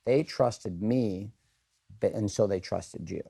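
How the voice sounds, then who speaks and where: A man's voice: lowish voice, slow, creaky, mellow, husky. Blunt, profane middle-aged man addressing a room. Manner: asks the room questions and polls for raised hands. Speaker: speaker leading a group session. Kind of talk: candid motivational talk to a group.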